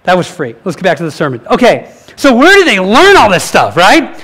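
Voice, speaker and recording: A man's voice: high voice, fairly quick. A male pastor giving a sermon, reading quotes aloud and asking his congregation questions, correcting himself as he goes. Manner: animated preaching, reads quotes aloud, corrects slips, asks the crowd questions.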